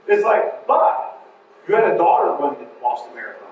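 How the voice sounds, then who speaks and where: A man giving a live conference talk, joking and animated, wandering off on side remarks. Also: a little high, moderate pace, a little hiss or hum. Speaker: conference speaker. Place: large conference hall. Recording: echoey hall, mic from far off.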